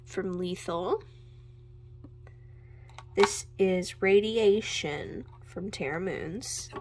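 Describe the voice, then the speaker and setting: A young woman chatting casually at home as she shows her makeup, gushing and sometimes dropping into a soft whisper. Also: lowish voice. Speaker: makeup vlogger. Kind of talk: casual chat while swatching makeup. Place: home room with natural light.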